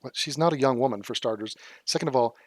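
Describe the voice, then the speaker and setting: A man's voice: mid-range voice, fast talker, a little hiss or hum. A man from Los Angeles doing sarcastic, profane reaction commentary, mocking clips he reacts to. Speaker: commentary youtuber.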